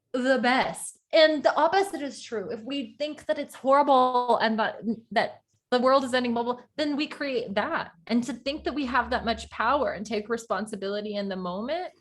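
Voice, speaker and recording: A woman being interviewed as a guest, speaking reflectively and often pausing to search for the right words. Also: fairly high pitch. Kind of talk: conversational interview.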